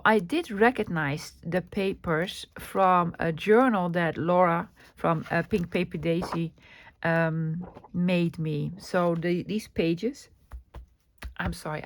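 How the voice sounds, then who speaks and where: Excitable woman. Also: lowish voice, slight background noise. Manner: chatty and excitable, with fillers and repeats. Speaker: vlogger showing a thrift haul. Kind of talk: casual chat.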